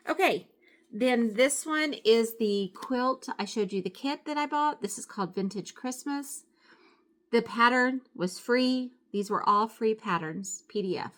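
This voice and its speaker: Speaking unhurriedly in a fairly high, somewhat bright voice, a middle-aged woman vlogs about crafts from home. She rambles a bit through a casual show-and-tell of her supplies, using lots of fillers and frequent self-corrections.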